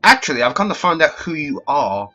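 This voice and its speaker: A man's voice: fairly high pitch, big pitch swings, brisk, bright, forceful tone, soft background music, heavily acted, rough recording. A man voicing a confident male falcon defense attorney who speaks in a clipped, firm way, in a game. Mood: stern. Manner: clipped, firm, bluffing legalese.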